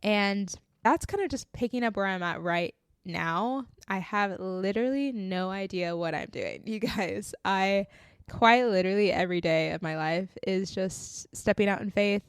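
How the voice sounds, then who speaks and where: A woman's voice: mid-range voice, a little slow, clear, resonant tone, no room sound. A young woman hosting a faith podcast, earnestly telling her testimony in a casual, heartfelt way, close to tears and saying "like" often. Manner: earnest, heartfelt, often tearful, says "like" a lot.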